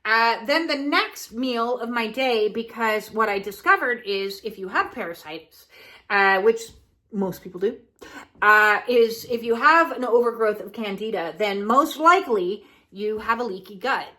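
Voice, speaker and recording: A frank, jokey woman vlogger who chats casually and swears freely as she explains her routine. Her voice sits a little high and rings bright and forceful. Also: a little slow, low-quality recording. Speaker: wellness vlogger. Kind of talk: casual health vlog talk.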